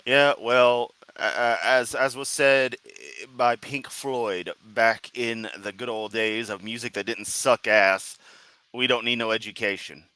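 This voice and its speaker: A man's voice: medium pitch, slow pace, hardly any pauses, pushed and bright, clear, resonant tone, no room sound, low-quality recording. A man giving sarcastic, profane reaction commentary as a streamer, mocking what he hears. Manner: sarcastic, mocking, swears constantly.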